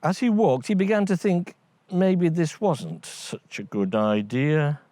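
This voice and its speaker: A man tells a children's fairy tale at an unhurried pace. His pitch rises and falls a lot as he narrates. The sound is dry and close. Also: no room sound. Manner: lively, voices each character. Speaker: storyteller. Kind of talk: scripted bedtime story narration.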